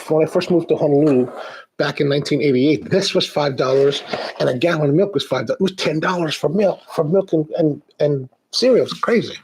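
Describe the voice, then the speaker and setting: Middle-aged guy rambling on his coffee stream, gravelly voice that swoops up and down a lot. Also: a little high. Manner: rambling, animated, frequent restarts. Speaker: coffee show host. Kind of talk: live-stream chat, reading viewer comments.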